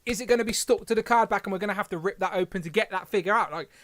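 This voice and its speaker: A man's voice: high-pitched, rapid-fire, fairly bright tone. A man hosting a casual livestream, rambling and correcting himself as he reads the chat aloud. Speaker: podcast host.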